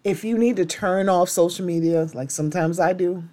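A woman's voice: fairly low pitch, moderate pace, dark tone. Impassioned woman hosting a solo podcast. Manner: impassioned and blunt, with strong language. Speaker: podcast host.

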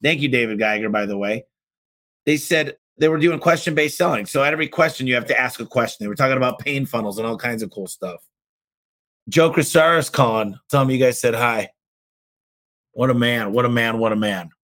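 A man with a mid-range voice hosts a business podcast, firing off advice to listener questions. He talks fast and punchy, jumping into loud, emphatic bursts and then deliberately slowing down to make a point. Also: mid-range voice. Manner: punchy and emphatic, with sudden exclamations and mock-slow demonstrations; talks fast by his own account.

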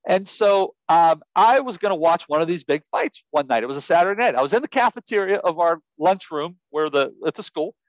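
Male interview guest, animated storyteller with a swooping, very expressive pitch; dry mic. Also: a little fast, few pauses, dry recording, low-quality recording. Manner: lively, laughs often, acts out quotes.

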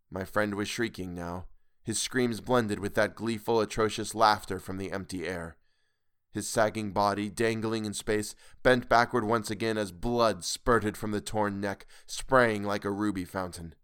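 A man narrating a horror story in a measured, grave storytelling manner. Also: on the low side, clean tone.

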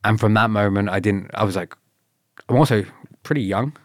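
A man recounts his past in a relaxed interview, swearing freely and laughing as he acts out the people he quotes. His voice sits on the low side. The sound is dry and close to the mic. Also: fairly quick, dry recording. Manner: laughs often, swears, quotes others in retold dialogue. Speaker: guest. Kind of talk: casual interview storytelling.

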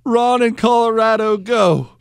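A man hosting a call-in radio talk show, sarcastic and quick to laugh. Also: very high-pitched, creaky, smooth, no room sound, studio quality.

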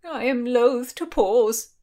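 A woman's voice: medium pitch, expressive, slow pace, voice pushed up. A woman doing a lovesick old marquis. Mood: lofty. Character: lovesick dignified older male nobleman.

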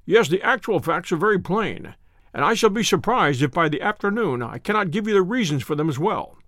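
A man voicing a calm, confident male detective who explains his findings in a measured way. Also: high-pitched, no room sound, studio quality, exaggerated voice. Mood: assured.

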